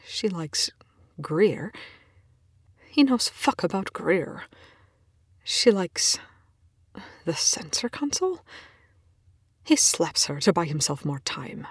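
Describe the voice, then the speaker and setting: A woman reading a fan story aloud, expressive and often dropping into whispers, with casual swearing. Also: lowish voice, slow pace, long pauses, husky, no echo, clean studio sound. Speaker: reader. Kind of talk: fan fiction read aloud.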